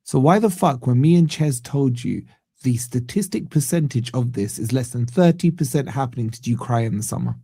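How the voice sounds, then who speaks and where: A man's voice: medium pitch, animated, normal speed, mellow, husky, no echo, clean studio sound. A young man co-hosting a football stream, needling and provoking with lots of swearing. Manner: teasing, provocative, swears a lot. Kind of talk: heated football debate on a stream.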